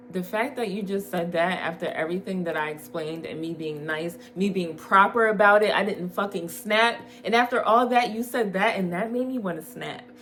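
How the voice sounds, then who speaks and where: A woman's voice: on the low side, a bit bright. A young woman telling a dating story in a candid late-night vlog, laughing often and swearing casually. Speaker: vlogger.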